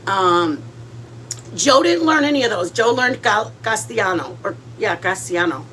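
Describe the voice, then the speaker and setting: A woman's voice: on the high side, lively intonation, normal speed, fairly bright tone, slight background noise. A woman hosting a home cooking vlog, chatting casually in a rambling way with lots of fillers and restarts and dropping in Spanish words. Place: home kitchen.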